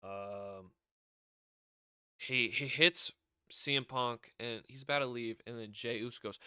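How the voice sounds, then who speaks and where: A man's voice: medium pitch, a little slow, pauses often, pushed and bright, clear, resonant tone, no room sound, studio quality. A man giving a rambling, casual recap as a show reviewer, often acting out quotes. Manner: rambling, acts out wrestlers' lines in raised voice.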